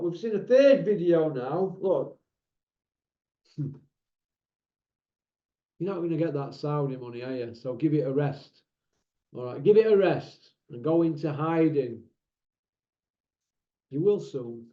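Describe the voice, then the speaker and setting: Northern English man, channel host ranting to camera, blunt and mocking, high voice, roomy lo-fi recording. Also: expressive, slow pace, long pauses. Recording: roomy, dull lo-fi sound.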